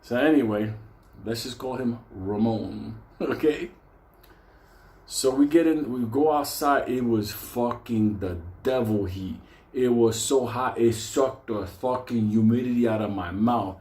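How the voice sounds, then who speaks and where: A man tells a funny story from his own life in an unhurried, mid-range voice, cursing nonstop and laughing a lot. He sounds animated, and the room is echoey.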